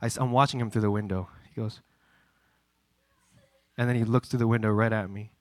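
A man in his twenties preaching a sermon and telling a story in a lively, chatty way. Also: lowish voice, brisk, dry recording. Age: 20s.

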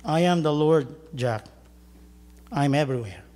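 A man voicing God, speaking slowly, calmly and low to a man on a cliff. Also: a little hiss or hum. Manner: slow, calm and low. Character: calm, deep-voiced God speaking from above.

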